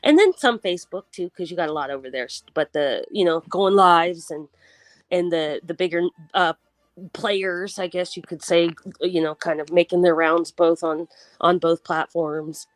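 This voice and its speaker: A woman's voice: on the low side, moderate pace, dry recording. A woman hosting a casual livestream chat, rambling with restarts and laughing often. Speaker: livestream host.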